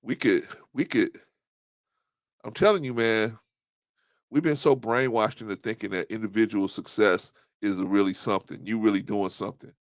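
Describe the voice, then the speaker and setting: A man hosting a talk stream in a casual monologue, animated, laughing often and repeating himself. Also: on the low side, moderate pace, no room sound.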